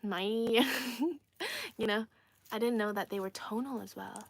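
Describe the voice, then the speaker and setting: A woman's voice: on the high side, expressive, slow pace, gravelly, breathy edge. A young woman from China hosting a casual livestream, chatty and playful, laughing often and repeating herself as she reads comments. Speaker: livestream host.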